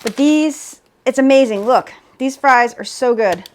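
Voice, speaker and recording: A woman's voice: high voice, a little slow. A woman hosting a home cooking video, narrating each step with upbeat enthusiasm. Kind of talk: cooking demonstration.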